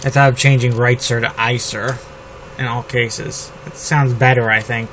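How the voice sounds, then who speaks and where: A man from the United States drafting his novel out loud, repeating words and phrases as he types them. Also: mid-range voice, level tone, normal speed, slight background noise, low-quality recording. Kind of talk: thinking aloud while drafting a novel. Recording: loud keyboard typing over the voice. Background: keyboard typing.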